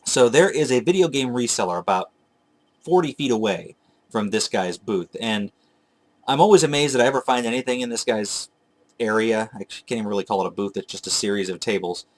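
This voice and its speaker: A man's voice: lowish voice, animated, a little fast. A man telling a long, digressive story about hunting for old video games, chatting casually to his viewers and correcting himself as he goes. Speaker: retro game collector vlogger. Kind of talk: casual rambling storytelling to camera.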